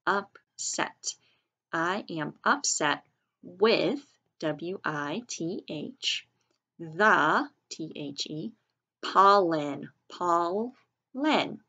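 A woman's voice: low-pitched, a bit bright, slightly rough. A woman teacher giving a recorded spelling lesson, patient and careful, spelling words out letter by letter.

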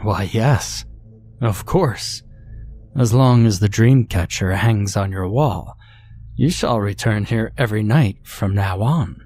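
A man's voice: fairly low pitch, takes it slowly, a little mellow, a little hiss or hum. A man voicing a theatrical, courtly doctor with a sinister showman's air, in a horror storybook narration. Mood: reassuring. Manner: grand, courtly, speaks of "my dear".

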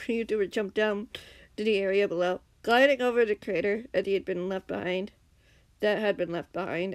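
A woman's voice: mid-range voice, no echo. Giggly woman reading a fan story. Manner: reads with slips and giggles, acts out shouted lines. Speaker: fanfiction reader.

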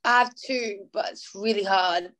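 A woman's voice: mid-range voice, measured pace, fairly bright tone. A young woman from Australia with an Australian accent, chatting as a singer guest in an interview, bubbly and full of fillers. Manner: bubbly, many fillers, acts out quotes. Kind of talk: casual interview chat.

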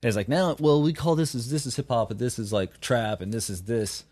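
A man's voice: medium pitch, a little fast, a little mellow, no room sound. A man guesting on a podcast, riffing casually and animatedly with opinions, full of restarts and asides.

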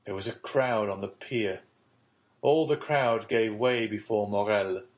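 A man narrating a classic novel as an audiobook, reading in a measured, steady way. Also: lowish voice. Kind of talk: scripted narration.

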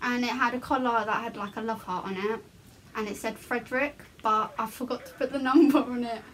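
High-voiced playful young woman. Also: steady tone, a little fast, fairly bright tone. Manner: playful, laughs a lot. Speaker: friend and co-host. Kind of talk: casual chat and prank call.

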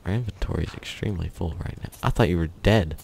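A man's voice: low voice, fast talker, vocal fry, darkish tone, a little hiss or hum. A young man hosting a gaming channel, telling a story in a rambling, offhand way with chuckles while he plays. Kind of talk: casual commentary over gameplay.

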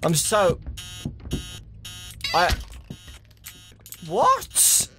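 A young man commentates his way through a horror game, his voice swinging widely in pitch as he mutters nervously to his viewers. He talks in an unhurried way, and a faint hiss sits under the recording. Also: wildly swooping pitch, sharp tone. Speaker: gaming YouTuber.

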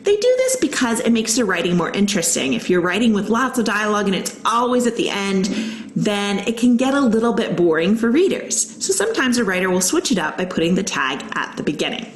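A recorded online writing lesson for young students, led by a woman elementary school teacher who patiently explains each step and reads example sentences aloud. Her medium-pitched voice is sing-song and a little fast, and the poor audio is reverberant.

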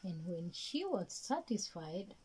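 A woman telling a story to young children in a gentle, slow, sing-song way, with lots of repetition. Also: lowish voice, very animated, a little hiss or hum, rough recording. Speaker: kindergarten storyteller.

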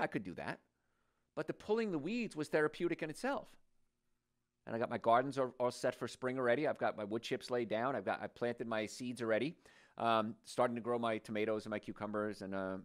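Lively older man hosting a health show. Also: mid-range voice. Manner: animated, joking, folksy storytelling. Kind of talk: talk-show health monologue.

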